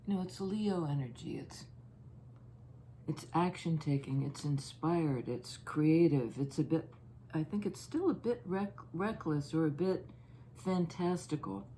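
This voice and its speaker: A woman giving a casual tarot reading, musing and halting as she thinks aloud over each card. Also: sits low, expressive, dark tone, a little hiss or hum. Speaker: tarot reader.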